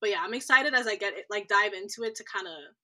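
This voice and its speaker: A woman's voice: medium pitch, lively intonation, fast talker, pushed and bright. A woman in her twenties, a guest on a podcast, talking in an easygoing, thoughtful way. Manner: easygoing, thoughtful, with frequent laughs and fillers. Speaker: guest, medical trainee. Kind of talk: casual interview chat.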